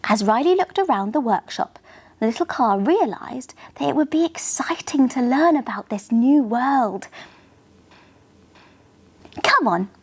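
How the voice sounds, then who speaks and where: A woman narrating a children's bedtime story in a gentle, animated way. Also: high voice, moderate pace, breathy edge.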